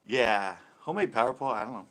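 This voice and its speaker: A man's voice: mid-range voice, fairly bright tone. A middle-aged man hosting a live stream, chatting casually, laughing often and swearing lightly.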